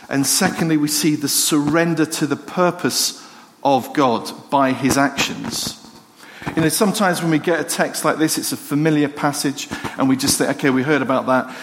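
A male pastor, preaching a sermon in a conversational, self-deprecating storytelling manner. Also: a little high. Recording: hall reverb, faint noise.

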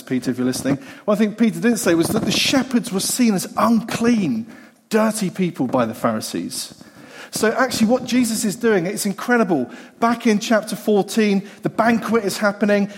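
Animated preacher in a reverberant hall. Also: male voice, high-pitched, slightly rough. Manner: animated, acts out the voices of the people in the story. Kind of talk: sermon.

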